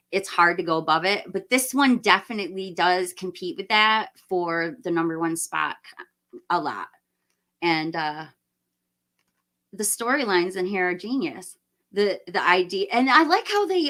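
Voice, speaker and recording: A middle-aged woman hosting a live stream, chatting enthusiastically and rambling with fillers, her voice slightly hoarse as she loses it. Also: mid-range voice, fairly bright tone. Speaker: livestream host. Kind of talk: casual live-stream chat.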